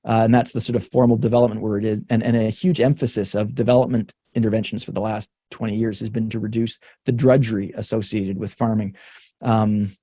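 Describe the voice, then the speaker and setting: A Canadian researcher talks frankly on a webinar, thinking aloud, restarting sentences and laughing now and then. His voice is warm and mellow, recorded dry and close. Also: lowish voice, flat delivery, brisk, slightly rough, no room sound. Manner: laughs between points. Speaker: researcher guest. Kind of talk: webinar conversation.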